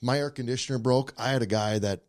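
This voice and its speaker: A man in his thirties from Minnesota, a podcast guest and former hockey player, telling stories in a relaxed, reflective way. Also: mid-range voice, quick pace, no echo, clean studio sound. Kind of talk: casual chat.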